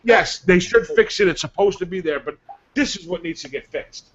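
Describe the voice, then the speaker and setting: Ranting male show regular, high voice, muffled lo-fi audio. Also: normal speed. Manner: angry, profane, ranting. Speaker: show regular, clan player. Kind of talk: profane ranting chat.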